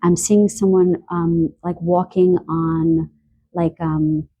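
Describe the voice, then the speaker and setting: A woman giving a spoken tarot card reading, a little stuffy from allergies and clearing her throat, talking softly and earnestly with emotion. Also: fairly low pitch, flat delivery, slow pace, narrow, tinny audio. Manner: soft, earnest, emotional about animals.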